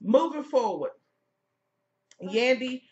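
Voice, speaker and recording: A woman giving heated, profane commentary as she reviews a reality TV episode, sassy and loud. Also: a little high, animated, slow pace, dull audio.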